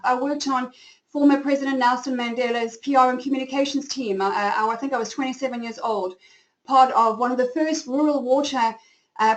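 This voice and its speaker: A woman's voice: on the high side, poor audio. A woman in her forties with a South African accent, hosting a live webinar and telling her own story in an effusive, open way. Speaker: webinar host and company founder.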